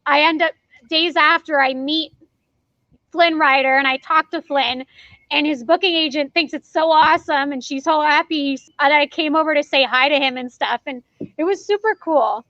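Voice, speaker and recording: A woman who performs as a party character, telling stories in a casual interview in an animated way, acting out the dialogue and laughing often. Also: high-pitched, normal speed, no room sound. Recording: dull lo-fi dry sound.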